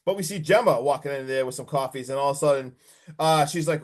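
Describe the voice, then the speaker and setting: Man, somewhat high voice, lively podcast recap with lots of swearing. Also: fast. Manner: animated, swearing, acts out character lines. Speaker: podcast co-host. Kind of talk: casual movie recap.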